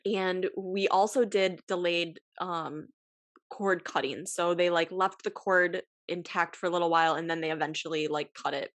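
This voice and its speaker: A woman's voice: fairly low pitch, fairly even intonation, normal speed, no room sound. A young woman hosting a podcast, telling a personal story in a casual, emotional way, with many sighs and fillers, at times close to tears. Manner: emotional, sighing, filler-heavy. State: tearful. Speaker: podcast host.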